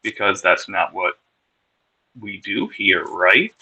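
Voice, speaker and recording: A man's voice: low voice, lively intonation, slow pace, bright, forceful tone, husky, rough recording. A man telling his recovery story on a podcast in a candid, wry way, with plenty of swearing. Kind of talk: casual personal storytelling.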